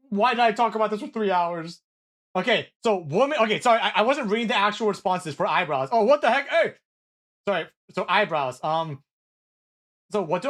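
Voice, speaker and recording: A young man with a high-pitched voice streams live, casually answering what viewers type. A native Korean speaker, he's excitable, sprinkles in apologies and swearing, and keeps laughing and beginning again.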